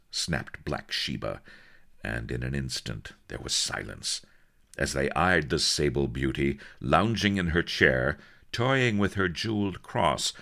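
A man narrates a comic pirate yarn in a very deep, gravelly voice. His delivery is dry and wry, with a bright edge to the tone. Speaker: reader.

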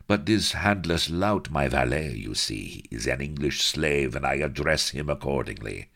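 A man's voice: extremely low pitch, animated, normal speed, vocal fry, fairly bright tone, exaggerated voice. A man voicing a hot-tempered male pirate captain in disguise who sounds flustered and archly formal.

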